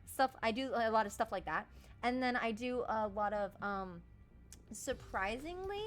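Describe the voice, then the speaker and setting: A young woman talks casually while streaming a video game, chatty and quick to laugh. She swears in passing and wanders from story to story. Quiet game music hums in the background. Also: fairly high pitch, lively intonation. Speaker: streamer and voice actor. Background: faint game music.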